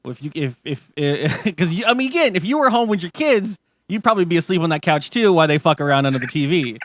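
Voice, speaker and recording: A man's voice: a little high, very animated, fast talker, no echo, studio quality. A man hosting a casual chat show, rambling and swearing as he retells a story. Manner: profane, rambling, lots of restarts. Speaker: podcast host.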